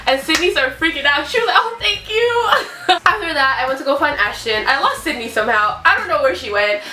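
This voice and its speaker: A young woman vlogger telling an excited story-time tale, gushing and giggly, breathless with excitement. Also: high voice, fast. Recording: echoey room, mic at a distance.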